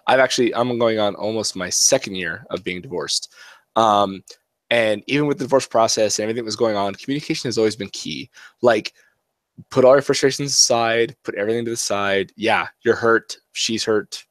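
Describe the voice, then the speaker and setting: Low-voiced guy on a podcast, earnest, keeps repeating himself, dry close sound. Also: a little fast, no room sound. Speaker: podcast co-host. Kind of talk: casual chat.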